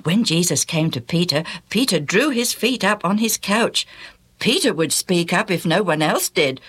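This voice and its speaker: A woman narrating a storybook tale in an animated, exclamatory way, often asking the listener questions. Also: fairly low pitch, normal speed, breathy edge.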